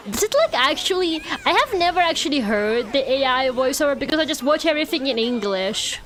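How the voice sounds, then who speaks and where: Her voice sits high with a fairly bright tone. This young VTuber streamer is gaming live, chatting casually and going on little rants packed with "like."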